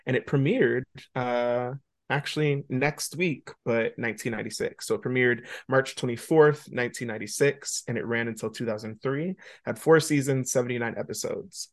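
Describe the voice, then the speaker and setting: A man's voice: mid-range voice, steady tone, a little fast. A man co-hosting a podcast in casual chat, rambling along with lots of ums and uhs. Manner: chatty and rambling, with many fillers. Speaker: podcast co-host.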